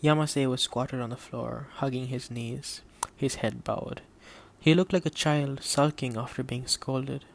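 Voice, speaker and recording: A man narrates an audiobook at a steady, measured pace. His mid-range voice carries a gravelly texture, and he keeps the characters' lines quiet rather than theatrical. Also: medium pitch, slight background noise.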